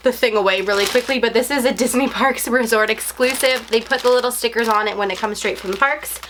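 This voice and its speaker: A young woman vlogging an unboxing, talking casually and gushing with excitement. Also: fairly high pitch, quick pace, background noise. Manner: gushing, breathless and effusive.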